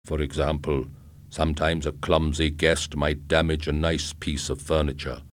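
A man voicing a huge robot salesman who speaks calmly and evenly. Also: dry recording. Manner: calm, measured, low.

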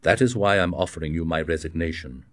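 Guy doing a loyal musketeer captain, low earnest voice, plain and dry. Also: a little fast, a bit bright, no echo. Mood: resigned. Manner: earnest, plain-spoken delivery.

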